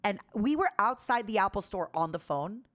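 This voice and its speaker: A woman around forty from Ukraine, raised in Canada, chatting casually on a live stream as an animated storyteller who laughs often and jumps high and loud when amused. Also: moderate pace.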